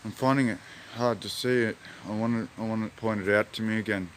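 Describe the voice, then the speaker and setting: A man's voice: fairly low pitch, fairly even intonation, a little fast, a little hiss or hum. An Australian man, a hobby gardener, rambling in a laid-back, spiritual way while filming in his backyard garden on a phone. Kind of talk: rambling outdoor vlog.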